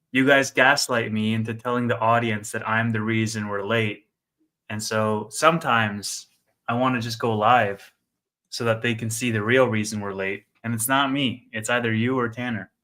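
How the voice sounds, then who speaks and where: A young man co-hosting a casual stock-market livestream, telling an animated story with quick asides and laughs. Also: mid-range voice. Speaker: co-host of a stock market stream.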